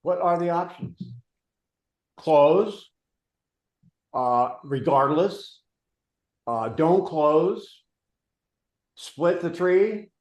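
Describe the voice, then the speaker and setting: A man hosting a real estate coaching session, brisk and directive, steering the discussion. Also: on the high side, animated, darkish tone, reverberant, poor audio. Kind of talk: coaching a live training session.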